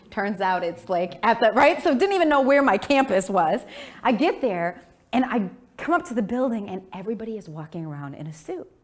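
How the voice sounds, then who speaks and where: A woman in her forties from Milwaukee giving a keynote speech, telling stories in a lively way and laughing often. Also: mid-range voice. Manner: animated, imitates her parents' voices, laughs often. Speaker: keynote speaker.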